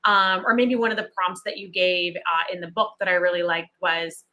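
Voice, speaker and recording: A woman's voice: fairly low pitch, level tone, moderate pace, sharp tone. A woman hosting a book club interview, asking questions in an engaged, conversational way. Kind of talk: casual interview chat.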